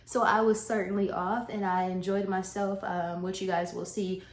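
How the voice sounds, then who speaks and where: A woman's voice: medium pitch, level tone, moderate pace. A woman chatting casually as a vlogger, laughing often and restarting her sentences, a little out of breath. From Southern US. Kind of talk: casual chat to camera. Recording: echoey room with faint noise.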